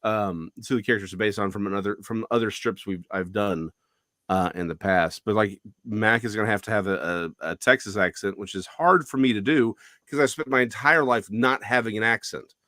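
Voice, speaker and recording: Chatty male guest, animated, low-ish voice, dry close sound. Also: a little fast, no room sound. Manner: lively, talkative, frequent self-corrections. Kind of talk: casual conversation.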